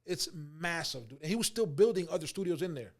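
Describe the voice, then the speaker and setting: A man in his forties telling an animated story in an interview, acting out what people said and laughing often. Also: on the high side, brisk. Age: 40s. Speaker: actor guest.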